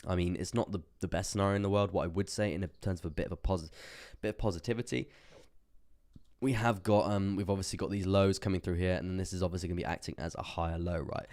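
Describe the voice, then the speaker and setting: A man's voice: low voice, fairly even intonation, fast talker, darkish tone. A young man hosting a crypto livestream, chatting casually about charts, laughing often and repeating himself as he reads the chat. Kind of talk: casual live market commentary.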